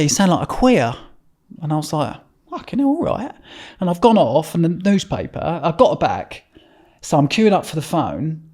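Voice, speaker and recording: A man's voice: mid-range voice, a little mellow. Blunt Essex man telling prison stories. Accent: Essex English. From Essex, England. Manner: blunt, swears freely, rambling with restarts. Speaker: guest. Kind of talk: casual interview storytelling.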